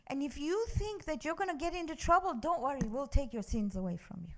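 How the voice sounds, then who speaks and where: A woman's voice: high voice, big pitch swings, normal speed, hardly any pauses. A woman teaching a Quran class in a mosque, telling stories in British-accented English and reciting Arabic verses.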